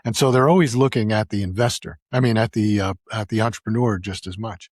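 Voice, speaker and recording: A man hosting a podcast, casually telling an animated anecdote with frequent restarts. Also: lowish voice, a little fast, dry recording, studio quality. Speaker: podcast host. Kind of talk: casual storytelling.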